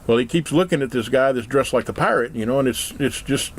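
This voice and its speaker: A man tells a long joke story in a casual, rambling way, full of fillers. His voice is gravelly, at a middling pitch. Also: brisk.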